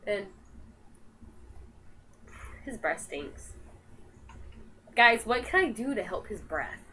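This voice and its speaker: A woman's voice: medium pitch, bright, forceful tone, slight background noise, low-quality recording. A young woman casually chatting on a live stream as she reads and answers viewer comments. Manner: chatty, scolding her dogs between comments. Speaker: vlogger reading live comments.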